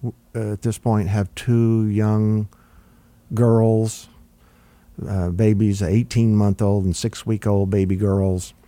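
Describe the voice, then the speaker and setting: A man's voice: fairly low pitch, takes it slowly, dry recording. An older man, a record producer, telling long stories in an interview with many fillers and restarts. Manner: relaxed, rambling with fillers and restarts. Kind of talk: conversational interview storytelling.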